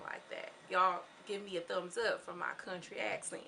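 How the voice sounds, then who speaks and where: A woman's voice: big pitch swings, moderate pace, hardly any pauses, sharp tone, slight background noise. Chatty young woman recapping a show. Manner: chatty and candid, acting out quoted lines with swings in pitch. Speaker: YouTube reality-show recapper. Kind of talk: casual recap commentary.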